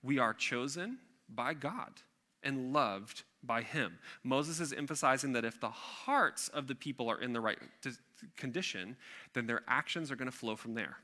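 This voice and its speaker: A man's voice: medium pitch, normal speed, bright, forceful tone. A man preaching a sermon in a conversational, emphatic way, with chatty asides to the congregation. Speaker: pastor.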